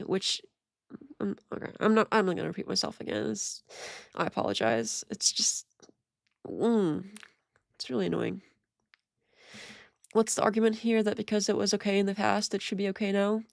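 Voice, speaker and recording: A woman's voice: medium pitch, normal speed, vocal fry, long pauses, no room sound, clean studio sound. A woman streamer giving casual, rambling commentary while reacting to a video, exasperated and prone to restarts.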